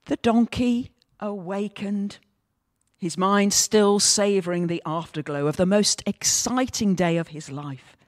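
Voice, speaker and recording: Woman pastor, sermon, slow and deliberate, reflective storytelling, dry close sound. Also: medium pitch, dry recording. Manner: measured, reflective preaching with storytelling.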